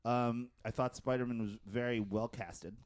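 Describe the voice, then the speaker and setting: A man's voice: mid-range voice, normal speed, clear, resonant tone, no echo. Man, casual podcast chatter, dry close mic, talks through a story eagerly. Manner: chatty, animated storyteller, laughs often. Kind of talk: casual chat about movies.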